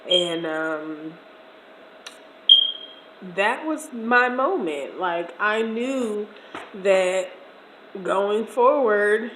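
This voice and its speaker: A woman's voice: mid-range voice, drawn-out words, pauses often, background noise. Chatty woman telling a story, echoey room. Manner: chatty, slangy, expressive storytelling. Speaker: vlogger. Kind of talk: casual storytelling over a meal.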